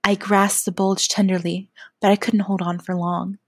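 Woman softly narrating an adult story. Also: medium pitch, level tone, normal speed, no room sound, clean studio sound. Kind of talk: first-person adult audio story narration.

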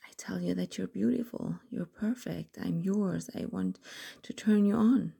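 Husky, gravelly woman in whispered role-play. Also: fairly low pitch, warm tone. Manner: slow, breathy first-person narration.

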